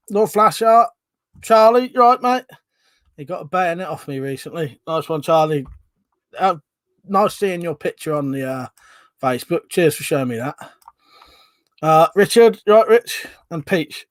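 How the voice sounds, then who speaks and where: A man's voice: sits high, a little slow, dry recording. Chatty man greeting stream viewers. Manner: chatty, greets viewers by name, loud greetings then mumbled asides. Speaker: live stream host. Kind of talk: casual live stream chat.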